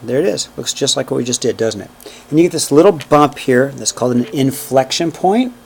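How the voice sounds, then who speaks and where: A man's voice: medium pitch, lively intonation, a little fast, creaky, a little mellow, a little hiss or hum. A man teaching a math class in a classroom, walking through each step aloud and checking in with "okay?" and "right?". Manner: counts out steps aloud while working. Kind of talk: classroom lecture.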